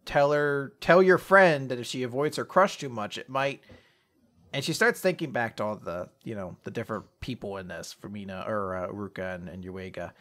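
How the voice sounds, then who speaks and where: A man co-hosting a casual manga recap podcast, acting out the characters' lines in quick voices and swearing freely. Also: medium pitch, a bit bright. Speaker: podcast co-host.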